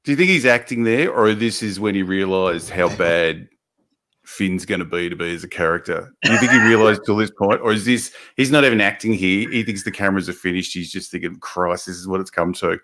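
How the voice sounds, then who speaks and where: Low-voiced man hosting a sarcastic chat. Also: fairly quick, bright, forceful tone. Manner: rambling and sarcastic. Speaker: host. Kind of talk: casual chat.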